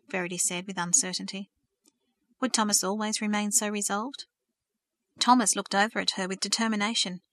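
A woman narrating a story aloud in a steady, expressive manner. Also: medium pitch, brisk, no room sound.

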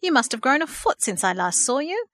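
A woman reading as an effusive, warm-hearted aunt from a storybook, bubbling with enthusiasm and lifted up in pitch. The recording is close and dry, with no room sound. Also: lively intonation, fairly quick, no room sound, lightly acted. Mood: gushing. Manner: gushing, enthusiastic.

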